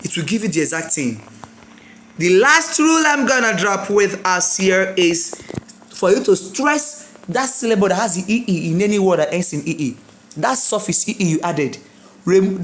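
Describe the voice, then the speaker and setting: A teacher gives an exam-prep lesson, repeating words slowly and quizzing the listeners. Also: medium pitch. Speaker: English teacher.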